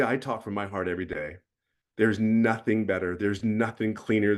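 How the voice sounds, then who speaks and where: A middle-aged man giving a blunt, preachy motivational mentoring talk as guest host, with emphatic bursts. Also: fairly low pitch.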